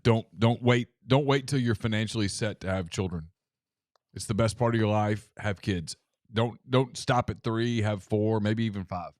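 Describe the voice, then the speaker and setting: A middle-aged man, co-hosting a casual radio call-in show and telling stories in an animated way, often repeating himself. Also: fairly low pitch, moderate pace, dry recording, studio quality. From American South. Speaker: co-host.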